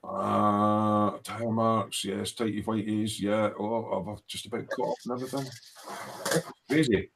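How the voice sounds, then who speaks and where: A man's voice: lowish voice, steady tone, takes it slowly, creaky, background noise. A man hosting a casual live stream from his hobby workshop, reading viewers' comments aloud in a jokey, rambling way and laughing easily. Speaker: livestream host.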